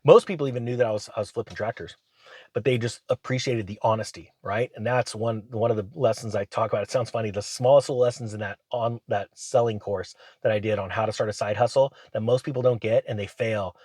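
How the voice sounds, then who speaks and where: A man, hosting his channel and telling rambling, animated business stories in casual chat. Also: fairly low pitch, quick pace, husky, dry recording. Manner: rambling, animated anecdotes with acted quotes. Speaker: channel host. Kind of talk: casual storytelling monologue.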